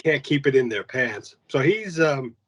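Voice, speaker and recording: A man talks through a movie's plot as a podcast co-host, relaxed and easygoing. His voice sits at an ordinary middle pitch for a man. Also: unhurried, rough recording. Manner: laid-back plot recapping. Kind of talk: casual movie review chat.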